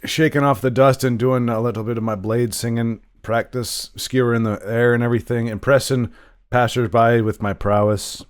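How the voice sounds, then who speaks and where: A man's voice: mid-range voice, fairly even intonation, normal speed, clean tone, no echo, clean studio sound, close to an everyday voice. A man voicing a very old, boastful male elf bladesinger with an attempted Irish accent and courtly manner. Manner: courtly, self-satisfied.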